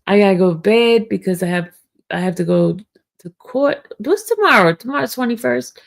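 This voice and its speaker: A woman hosting a casual live-stream chat, talking slowly and meandering, calling her viewers y'all and clearing an itchy throat. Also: medium pitch, lively intonation. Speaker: online true-crime commentator.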